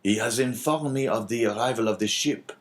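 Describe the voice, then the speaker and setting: A man's voice: mid-range voice, a little fast, close to an everyday voice. A man reading an audiobook, voicing a dignified, mournful merchant facing ruin in a grave, sorrowful manner.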